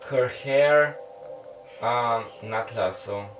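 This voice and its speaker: A man's voice: medium pitch, very slow, faint music behind. A man who is not a native English speaker gives a casual tarot reading, rambling and hesitant, often stopping to apologize and correct himself. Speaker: tarot reader.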